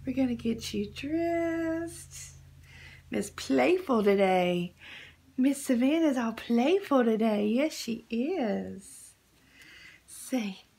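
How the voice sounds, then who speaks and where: A woman's voice: high voice, breathy edge. A young woman talking baby talk to a doll, doting and sing-song, repeating words over and over. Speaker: vlogger playing with a baby doll.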